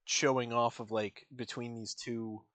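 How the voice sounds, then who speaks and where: A man's voice: medium pitch, little pitch movement, unhurried, a bit bright, dry recording. A man streaming a reaction to a musical, rambling through casual commentary with lots of fillers and acted-out quotes.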